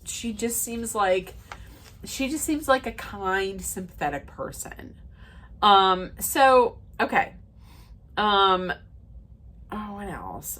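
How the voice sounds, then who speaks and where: A woman's voice: on the low side, a bit bright. A woman recapping a reality dating show in a casual, rambling rant, with many fillers and restarts, quoting the cast as she goes. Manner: retells scenes by quoting the cast.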